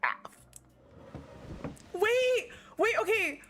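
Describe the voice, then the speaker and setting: Lively chatty woman streaming a game. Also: very high-pitched, extremely slow, slight background noise. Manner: chatty, excitable, giggly, reads game text aloud. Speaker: gaming streamer. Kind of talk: live game playthrough commentary.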